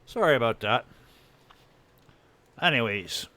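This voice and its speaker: A man's voice: medium pitch, expressive, takes it slowly, sharp tone. A man streaming a game live, rambling casually about his farm build, his throat dry and irritated. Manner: rambling, chatty, greets viewers while showing his build.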